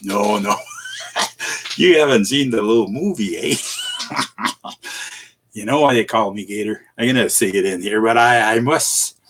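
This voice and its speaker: A husky-voiced middle-aged man greets his live-stream viewers one by one. His pitch rises and falls a lot as he chuckles through the chat, halting over fillers and adding "eh" at the ends of his sentences. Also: huge pitch swings, fairly bright tone. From Canada. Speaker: livestream host.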